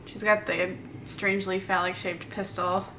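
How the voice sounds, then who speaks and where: A woman's voice: medium pitch, flat delivery, normal speed, fairly bright tone, slight background noise, rough recording. A woman co-hosting a podcast, playful and laughing often in casual chat. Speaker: podcast co-host.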